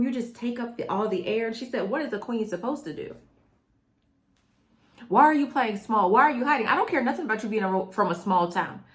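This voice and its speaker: Woman, middle-aged, motivational talk to camera, punchy and repetitive, speaks straight to the viewer. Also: mid-range voice. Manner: emphatic and preachy, repeats phrases, talks straight to the viewer. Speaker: mindset coach.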